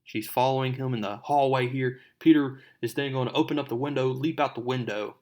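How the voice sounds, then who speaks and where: A man's voice: mid-range voice, fairly even intonation, a little fast, a little mellow. A man hosting a comic book recap, retelling the story loosely in conversation and talking straight to viewers. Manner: loose retelling, slipping into characters' lines; conversational, addresses viewers directly. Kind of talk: casual comic recap narration.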